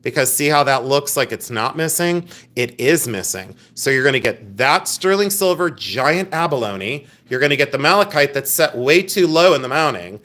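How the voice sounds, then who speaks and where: A man's voice: medium pitch, expressive, moderate pace, hardly any pauses, bright, forceful tone. Chatty man hosting a live jewelry sale. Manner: chatty, rambling, jokey and affectionate toward viewers. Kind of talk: casual live sales stream.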